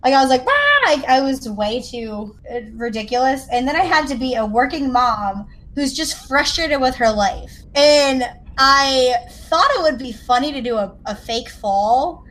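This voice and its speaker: A woman's voice: high-pitched, normal speed, hardly any pauses, a bit bright. A woman from the American South, hosting a podcast and telling a chatty, self-deprecating story. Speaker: podcast host. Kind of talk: casual chat.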